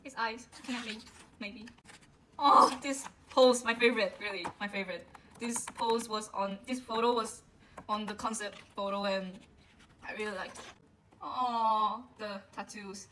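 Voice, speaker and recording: A woman unboxing a music album and gushing over it in a casual way, with frequent gasps and a drawn-out delivery full of fillers. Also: medium pitch, slight background noise, rough recording. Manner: excitable, gasps often, gushing. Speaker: vlogger.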